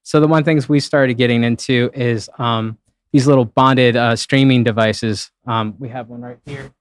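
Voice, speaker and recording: A man's voice: mid-range voice, steady tone, moderate pace, clear, resonant tone, no echo. A man working as a live event streaming producer, answering interview questions in a rambling, casual way, with plenty of fillers and acted-out quotes.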